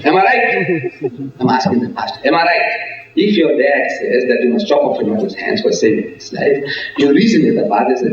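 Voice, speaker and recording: A man's voice: medium pitch, animated, moderate pace. A man giving a public religious lecture, telling stories, acting out dialogue and asking the audience rhetorical questions. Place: civic centre hall. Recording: echoey hall from far off, dull lo-fi sound.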